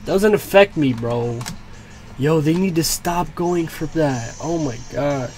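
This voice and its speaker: A young man with a fairly high, darkish voice takes his time as he reacts live to his own gameplay for his YouTube channel. He swears, groans and lets out frustrated outbursts at setbacks, while faint game music plays in the background.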